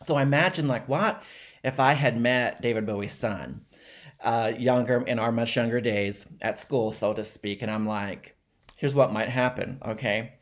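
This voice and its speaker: A man's voice: medium pitch, normal speed. Rambling man in a casual monologue. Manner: rambling, with fillers and self-deprecating laughs. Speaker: vlogger trying out a joke.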